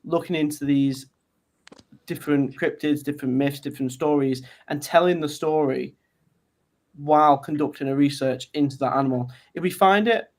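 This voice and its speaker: A British man, a guest on a podcast, talking in a relaxed, hesitant way with many pauses. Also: a little high. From Britain. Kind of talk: casual podcast chat.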